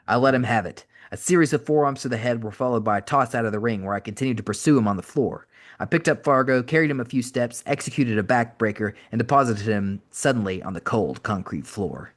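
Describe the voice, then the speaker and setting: A man reads a first-person audiobook at a fast clip, with a wry edge to the telling. His voice sits at a middle pitch, and the pace stays quick throughout. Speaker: podcast host reading an audiobook. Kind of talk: audiobook narration.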